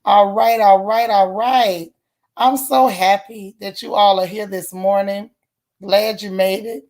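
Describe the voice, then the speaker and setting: A woman hosting a casual morning livestream, chatting in a colloquial way and greeting viewers one by one by name. Her voice is a little hoarse as it recovers. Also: medium pitch, fairly even intonation, measured pace, a little mellow. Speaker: livestream host.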